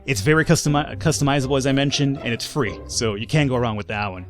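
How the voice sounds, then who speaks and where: A man's voice: mid-range voice, fast talker, faint music behind. A man giving casual, sarcastic let's-play commentary, rambling and swearing freely. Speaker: gameplay commentator.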